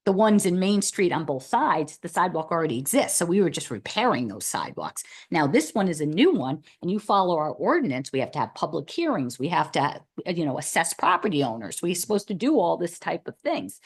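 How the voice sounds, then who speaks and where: A woman's voice: lowish voice, sing-song, a little fast, hardly any pauses, slightly rough. A woman speaking at a town committee meeting, thinking aloud in long, looping sentences with restarts. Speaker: committee member. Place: meeting room.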